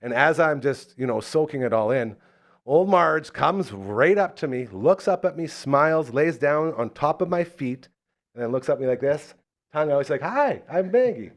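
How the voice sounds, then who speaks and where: A man hosting a live local talk show, telling stories in a casual, animated way and acting out the voices in them. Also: a little high, moderate pace. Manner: animated storyteller, acts out the voices in his stories. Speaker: radio show host.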